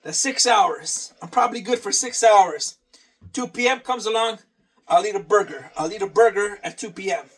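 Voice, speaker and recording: High-voiced man repeating himself. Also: moderate pace, far from the mic. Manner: repeats phrases, swears casually. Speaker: vlogger. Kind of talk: casual workout vlog.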